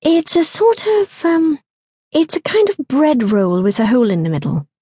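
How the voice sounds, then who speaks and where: A woman's voice: high voice, huge pitch swings, normal speed, dark tone, pitched above the performer's own voice. A woman reading an audiobook, voicing a harried young woman who coaxes a child with strained politeness. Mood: coaxing. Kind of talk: audiobook narration.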